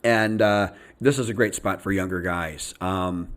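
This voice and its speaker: An older man rambles casually to his viewers in a low voice. His talk is loose and chatty, full of fillers, restarts and asides. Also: fairly even intonation, unhurried, fairly bright tone. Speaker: vlogger. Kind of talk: casual rambling vlog monologue. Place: his home in Thailand.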